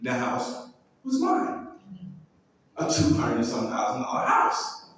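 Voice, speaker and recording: A man's voice: mid-range voice, slow, far from the mic. A man, a builder, giving a storytelling speech to a live audience. He acts out the voices in his stories and delivers faith-filled calls like a preacher. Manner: animated, acts out dialogue in quoted exchanges. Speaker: builder and speaker. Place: large hall with an audience. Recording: echoey hall, voice picked up from afar.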